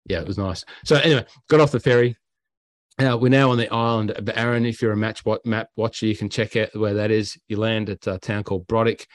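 A man's voice: fairly low pitch, dry recording. A man with an Australian accent, a podcast host telling travel stories in casual chat, acting out quotes and sounds. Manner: animated, acts out quotes and sounds. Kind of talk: casual storytelling.

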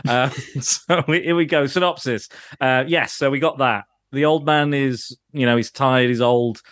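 A man's voice: mid-range voice, steady tone, unhurried, a bit bright, dry recording, clean studio sound. A man co-hosting a podcast in casual chat, rambling and self-deprecating, swearing and laughing often as he talks. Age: adult, grew up in the nineties. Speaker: podcast co-host.

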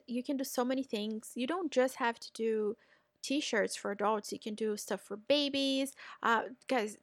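A woman's voice: fairly high pitch, no echo. A woman from Brazil, hosting a motivational business podcast and cheering listeners on directly. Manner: energetic, encouraging, talks straight to listeners. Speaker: podcast host.

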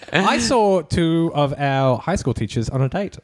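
Casual podcast guest, man, lively up-and-down delivery, jokey. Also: on the high side, unhurried. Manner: joking, playfully teasing. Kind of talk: casual chat.

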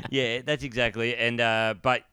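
A man's voice: mid-range voice, little pitch movement, slow, bright, forceful tone, smooth, no room sound, clean studio sound. A young Australian man co-hosting a podcast, laid-back and rambling as he tells stories. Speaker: podcast co-host. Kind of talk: casual podcast banter.

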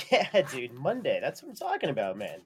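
A man's voice: mid-range voice, wildly swooping pitch, normal speed, fairly bright tone, slightly rough. A man co-hosting a podcast in easygoing casual banter, chuckling and repeating himself. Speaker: podcast co-host.

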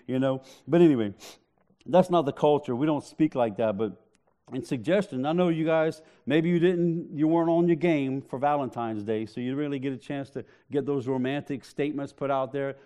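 A man's voice: mid-range voice, fairly quick, mellow. A man preaching a sermon, joking with the congregation in a conversational way. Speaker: pastor.

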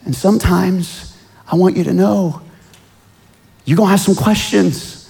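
A man preaching a sermon, swinging from hushed, earnest lines to loud pleading outbursts. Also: high-pitched, normal speed, gravelly. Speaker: pastor.

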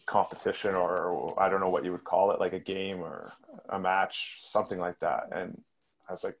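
A man's voice: low-pitched, fairly quick, vocal fry. A man, a hockey player guest on a podcast, chatting casually and rambling, often trailing off and restarting his sentences. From Canada.

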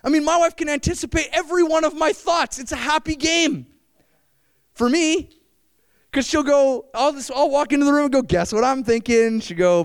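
High-voiced young man preaching a sermon. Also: moderate pace, vocal fry, no echo. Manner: animated, addresses the congregation with questions.

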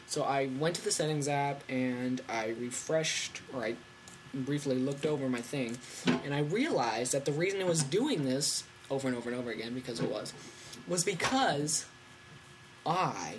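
A fifteen-year-old boy hosting a casual tech podcast from home, rambling and excitable with lots of fillers. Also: medium pitch, a little slow, pauses often, background noise. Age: teens. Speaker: podcast host.

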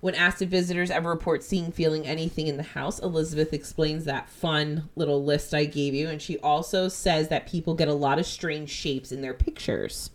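Low-voiced woman telling a story. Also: steady tone, fairly quick, hardly any pauses. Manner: chatty, enthusiastic storytelling. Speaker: podcast co-host. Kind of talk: casual podcast chat.

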